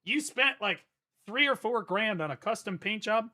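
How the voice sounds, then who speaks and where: Bright-voiced, profane male streamer. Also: normal speed. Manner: profane, animated, swings from loud outbursts to low mutters. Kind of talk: casual livestream rant.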